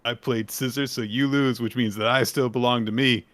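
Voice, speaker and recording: A man's voice: medium pitch, fairly even intonation, moderate pace, a bit bright, no echo, close to an everyday voice. A man reading out the lines of a cocky teenage boy hero, gloating and taunting. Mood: smug. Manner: gloating, sing-song taunting.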